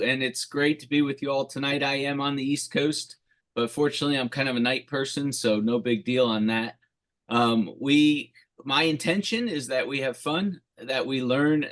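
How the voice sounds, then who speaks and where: A man's voice: mid-range voice, fairly bright tone. Upbeat man presenting on a video call. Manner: upbeat, encouraging, reads chat aloud. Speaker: guest presenter, referee coach.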